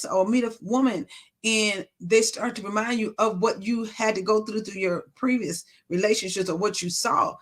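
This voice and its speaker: A woman speaking at a ministry, giving an informal, emphatic faith-based talk and repeating phrases for stress. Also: mid-range voice. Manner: informal, conversational preaching.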